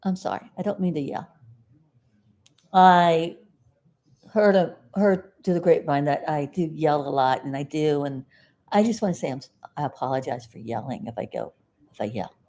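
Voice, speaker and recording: A woman from South Florida chatting casually to camera as a vlogger, folksy and rambling, with sudden loud outbursts followed by sheepish apologies. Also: sits low, normal speed. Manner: folksy, talks aside to her dog.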